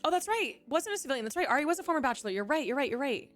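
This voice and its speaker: A woman's voice: sits high, big pitch swings, very fast, a bit bright, faint music behind. A woman chatting casually on a livestream, a former reality show contestant who keeps reacting to viewers' chat messages. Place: home streaming setup, faint music behind.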